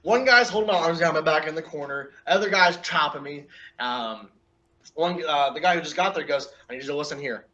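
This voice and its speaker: A man's voice: fairly high pitch, brisk, dull audio. Laughing man telling a wrestling story. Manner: animated anecdote with laughs and acted-out quotes. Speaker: guest wrestler. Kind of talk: casual storytelling.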